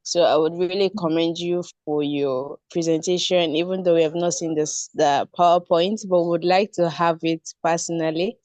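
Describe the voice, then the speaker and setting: A woman's voice: fairly low pitch, fairly even intonation, normal speed, few pauses, a little mellow, no echo. Polite woman on a video call. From Nigeria. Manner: polite and earnest. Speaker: participant. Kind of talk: online webinar comment.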